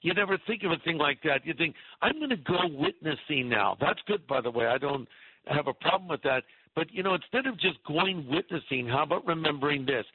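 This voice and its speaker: A middle-aged male pastor telling a lively anecdote in a radio interview, acting out the voices in his story. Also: a little high, husky, no echo. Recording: tinny phone-line radio sound.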